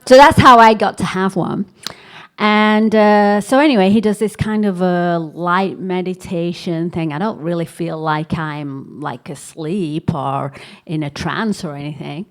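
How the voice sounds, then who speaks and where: Storytelling woman on stage, lowish voice, chatty and animated. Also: measured pace. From England. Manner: chatty, animated, acts out quoted dialogue. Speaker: workshop speaker. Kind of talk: storytelling talk to a live audience.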